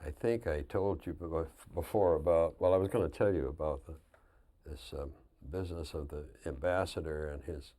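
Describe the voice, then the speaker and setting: An older man telling lively anecdotes as a guest on a 1999 television interview, often laughing at his own stories. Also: rumbling low, moderate pace. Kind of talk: casual storytelling.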